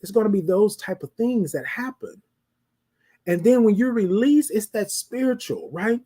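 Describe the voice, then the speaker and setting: This is a husky-voiced host giving a motivational talk on a live show. The speech keeps circling back to the same phrases and reaches out to listeners with rhetorical questions. The tone is preacherly and direct, with regular nods to "ladies and gentlemen.". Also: mid-range voice, expressive, moderate pace. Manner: repetitive, preacherly, asks the audience rhetorical questions.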